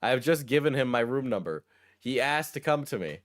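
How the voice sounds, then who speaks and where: A male streamer casually reading a post aloud and breaking off for wry, deadpan asides. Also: mid-range voice, fairly quick. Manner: wry, deadpan asides between read passages. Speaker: streamer reacting to a text post.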